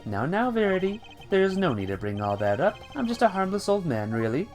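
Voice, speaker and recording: Guy doing a sappy old dude, crying all the time, high wobbly voice, quiet music under it. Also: sing-song, brisk. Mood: jovial. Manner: theatrical sniffles and sobs. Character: old man, sentimental, overly tearful. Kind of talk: reading game dialogue aloud.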